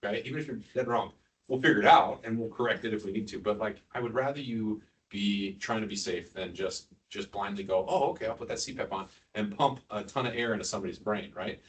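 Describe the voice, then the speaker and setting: A lower-voiced man lectures ICU staff in a relaxed, joking way, firing quiz questions at the room. His voice is picked up from a distance in a hospital teaching room, so it sounds a little removed. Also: a little fast. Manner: informal, joking, quizzes the audience.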